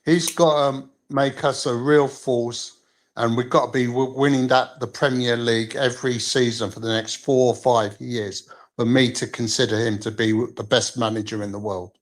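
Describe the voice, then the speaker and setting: A man speaking measured and halting in a football call-in, often restarting his sentences. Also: medium pitch, fairly even intonation. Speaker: call-in panelist.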